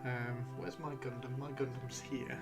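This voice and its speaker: A man's voice: medium pitch, fairly even intonation, measured pace, gravelly, over loud music. A man chatting casually on a live stream while painting miniatures, rambling and playfully teasing his chat.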